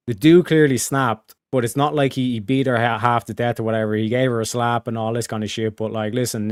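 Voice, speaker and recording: A man's voice: medium pitch, smooth, dry recording, studio quality. A man chatting casually as a streamer host, rambling with lots of fillers, restarts and casual swearing. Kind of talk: casual chat.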